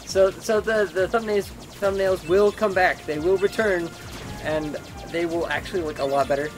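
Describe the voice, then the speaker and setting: A man's voice: sits high, steady tone, moderate pace, over music. A young man chatting casually while gaming, rambling and joking with his brothers. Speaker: let's play gamer.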